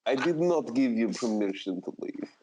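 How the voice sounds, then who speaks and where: A man voicing a towering, proud male lizardfolk warrior who speaks slowly and menacingly, on a dull lo-fi mic. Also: medium pitch, lively intonation, warm tone, a little hiss or hum, lightly acted.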